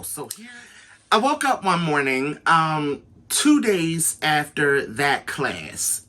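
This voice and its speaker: A man tells a personal story to his viewers, slow and unhurried, in a bright, slightly tense voice. He talks casually and with lots of slang, addressing the audience directly and acting out the people in the story. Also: medium pitch. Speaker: storytelling vlogger.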